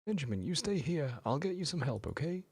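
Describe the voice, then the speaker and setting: A man's voice: on the high side, big pitch swings, brisk, darkish tone, husky, dry recording, pitched above the performer's own voice, exaggerated voice. A man voicing a stern, fussy older woman who shrilly scolds, in a visual novel game read aloud. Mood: scolding.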